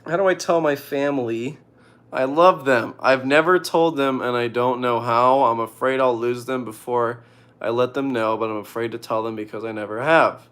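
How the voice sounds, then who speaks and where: A young man casually reading out viewer questions and giving joking, deadpan advice. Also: medium pitch, moderate pace. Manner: reads questions aloud, jokey deadpan answers. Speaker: streamer answering viewer questions.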